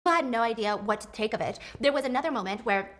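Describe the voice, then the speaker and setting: A woman casually telling a story in a reaction chat, animated and acting out quotes. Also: on the high side, fast talker.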